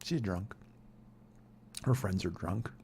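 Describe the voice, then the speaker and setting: A man's voice: low voice, takes it slowly, mellow, a little hiss or hum. A man hosting a comedy podcast, telling a story in a profane, heated ranting manner. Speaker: podcast host.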